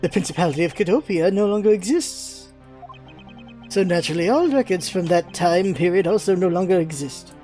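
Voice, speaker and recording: A woman's voice: lowish voice, lively intonation, a little fast, mellow, faint music behind, close to an everyday voice. A woman voicing an arrogant elderly male ambassador and former soldier, smug and condescending as she reads game dialogue aloud.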